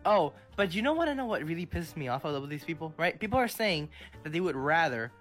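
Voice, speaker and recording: A young podcast co-host chatting casually, excitable and quick to laugh. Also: medium pitch, soft background music. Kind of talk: casual chat.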